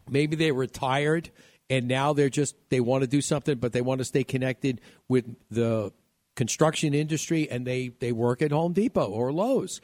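A man's voice: on the high side, darkish tone, no room sound. A man from New York hosting a home-improvement radio show, chatty and rambling, laughing often. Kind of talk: casual chat.

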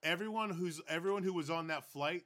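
A man co-hosting a podcast in casual, profane, animated chat. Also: a little high, brisk. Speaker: podcast co-host.

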